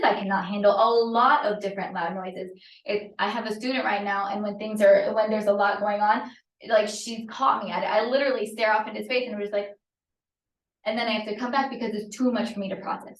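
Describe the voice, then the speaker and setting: A woman occupational therapist giving an informal teaching talk to parents, conversational, with frequent fillers and "right?" check-ins. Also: mid-range voice. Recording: roomy, from a distance.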